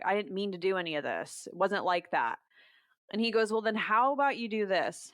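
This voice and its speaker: Young woman guest, brisk storyteller, close dry mic. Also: on the low side, no echo. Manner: fast storytelling, quoting others in dialogue. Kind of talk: podcast conversation.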